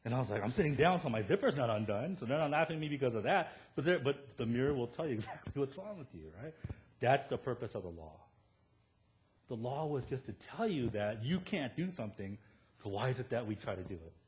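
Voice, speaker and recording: A male pastor delivers a sermon with a lively, swooping voice at a middle pitch. He tells humorous stories at his own expense, keeps asking "right?", and climbs to loud, emphatic peaks on his main points. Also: fairly quick, slight background noise. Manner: animated storytelling, rising to loud emphatic peaks, tag questions "right?"; self-deprecating humor. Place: church.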